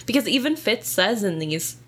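A woman's voice: medium pitch, big pitch swings, normal speed, fairly bright tone, husky. A woman co-hosting a casual book discussion podcast, thoughtful and conversational, with "um" and "like" fillers. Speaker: podcast co-host.

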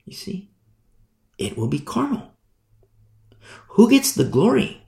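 Guy preaching a sermon, gravelly voice, keeps asking you see?, echoey room. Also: high-pitched, huge pitch swings, slow pace, long pauses, dark tone. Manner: emphatic, rhetorical, repeats "you see?". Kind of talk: sermon, Bible teaching.

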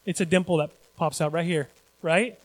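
A man with a notably high voice delivers an animated sermon, chatting with his listeners as he goes. The sound is close and dry, with no room echo. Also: normal speed. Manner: animated, conversational preaching with asides to the congregation. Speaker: pastor.

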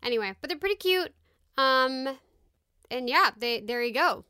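A woman co-hosts a casual podcast, reading facts aloud and breaking off into chatty asides. Her voice is bright and sits a little high. The sound is close and dry. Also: expressive, normal speed, clean tone, no room sound. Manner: chatty, reads notes aloud with asides and laughs. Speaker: podcast co-host. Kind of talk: casual chat.

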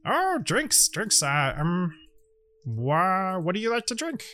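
A man's voice: sits high, big pitch swings, takes it slowly, bright, forceful tone, a little hiss or hum, pitched above the performer's own voice, exaggerated voice. A man voicing a boastful male gnome adventurer who talks in a raised, fussy, hesitant way.

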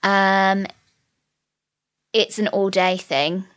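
A woman's voice: medium pitch, steady tone, very slow, fairly bright tone. A woman co-hosting a podcast, breezy and teasing in casual chat. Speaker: podcast co-host.

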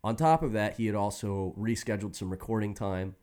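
A man's voice: on the low side, a little fast. A man telling a long story in casual chat, swearing freely and laughing often. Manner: profane, animated, laughs often.

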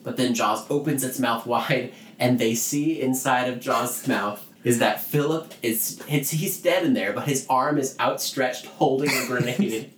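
A man's voice: medium pitch, measured pace, few pauses, echoey room, background noise. A man co-hosting a podcast, casually recapping a movie plot with lots of fillers and laughs. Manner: rambling, filler-heavy storytelling with laughs. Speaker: podcast co-host.

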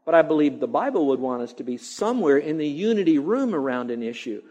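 A man's voice: fairly high pitch, big pitch swings, fast, a little mellow, lo-fi sound. A male pastor preaching a sermon, emphatic and repeating phrases for effect.

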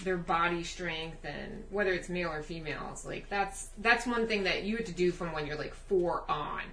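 A woman in a casual family podcast chat, talking in a relaxed, easygoing way. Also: on the low side, normal speed, a little hiss or hum. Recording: echoey room, mic at a distance.

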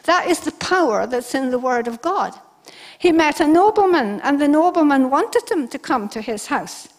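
High-voiced woman preaching a lively sermon. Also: moderate pace. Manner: animated storytelling, acting out quoted speech. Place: church service before a congregation.

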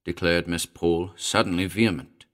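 A man reading narration in a story, with an expressive storytelling delivery. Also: low voice, normal speed. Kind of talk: scripted audiobook narration.

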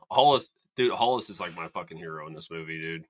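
A man co-hosting a podcast, excitable and blunt, swearing often while chatting about a film. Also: sits low, brisk, no echo. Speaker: podcast co-host. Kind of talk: casual film review chat.

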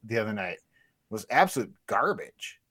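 A man's voice: on the low side, big pitch swings, normal speed, fairly bright tone, no room sound. A man co-hosting a sports podcast, rambling through emphatic opinions with restarts. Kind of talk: casual sports chat.

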